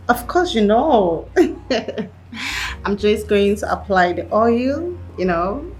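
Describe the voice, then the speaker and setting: An actress playing a flirtatious lover who teases and giggles in a breathy voice. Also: female voice, mid-range voice.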